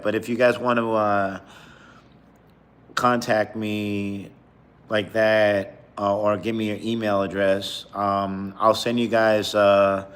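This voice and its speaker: A man with a slightly low voice chats on a live stream in a loose, rambling way. He talks between bites of food. He sounds like a comedian talking straight to his viewers. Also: clean tone. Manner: rambling, talks while eating. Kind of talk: casual live-stream chat.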